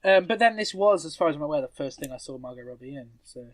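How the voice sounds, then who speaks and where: A man's voice: a little high, expressive, fast, no room sound. A man co-hosting a casual podcast, chatty and often laughing as he talks. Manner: chatty, laughs while talking. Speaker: podcast co-host.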